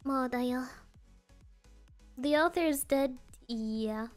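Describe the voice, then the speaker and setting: High-voiced, slow-talking woman streamer. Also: soft background music. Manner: playful and rambling, laughs often. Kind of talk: casual chat stream.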